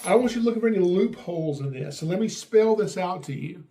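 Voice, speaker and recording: A middle-aged man hosting a podcast, telling a family story in a lively way and acting out what people said. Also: sits high, fast talker. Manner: animated, acts out quotes with raised voice. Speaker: podcast host. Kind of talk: casual storytelling.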